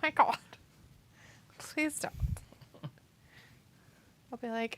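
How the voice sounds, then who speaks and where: A woman's voice: on the high side, a little slow, pushed and bright, slight background noise. A woman co-hosting a wrestling watch-along, chatting casually, laughing often and reading chat comments aloud.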